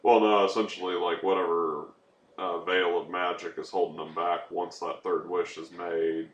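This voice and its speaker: A man with a very low voice explains film details hesitantly, filling his pauses with ums. He sounds like he is in a roomy space, with faint background noise. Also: little pitch movement. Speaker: podcast co-host. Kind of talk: casual chat.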